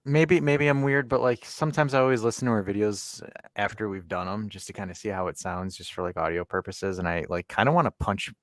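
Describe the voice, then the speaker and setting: A man's voice: fairly low pitch, a little fast, hardly any pauses, fairly bright tone, no room sound, studio quality. A man co-hosting a livestream podcast, chatting casually, rambling, swearing and reading out chat messages. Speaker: podcast co-host.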